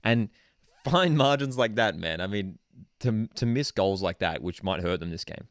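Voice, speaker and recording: Young Australian bloke hosting a live football watchalong, low voice that leaps around wildly, dry and close, easily excited. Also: male voice, moderate pace, dry recording. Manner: excitable, swings between shouting and muttering, says "dude" often. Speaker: football channel host. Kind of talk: live match watchalong commentary.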